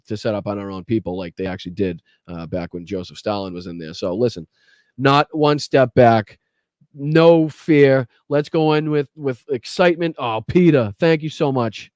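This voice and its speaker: Blunt profane Boston podcast host. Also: male voice, mid-range voice, darkish tone, no room sound. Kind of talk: live-stream political commentary.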